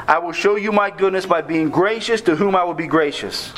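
A man preaching a sermon on a scripture passage, earnest and measured, slowing down to stress key words. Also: a little high, a bit bright, poor audio.

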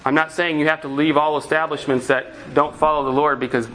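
A man's voice: on the high side, level tone, fairly quick, bright, forceful tone, slight background noise. A man preaching a sermon as pastor, asking the congregation earnest rhetorical questions.

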